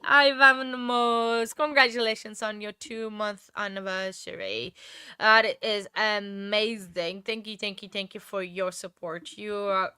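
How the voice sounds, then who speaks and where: A woman's voice: mid-range voice, pushed and bright, clean tone, dry recording, clean studio sound. A woman hosting a casual livestream chat who is emotional and tearful, laughs often and keeps thanking her viewers. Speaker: livestream host.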